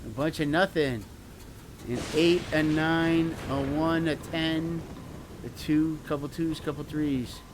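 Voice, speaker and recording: Guy in a tabletop game, kinda higher voice, dry and low-key, noisy line. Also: steady tone, takes it slowly. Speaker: player. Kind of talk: casual game chat.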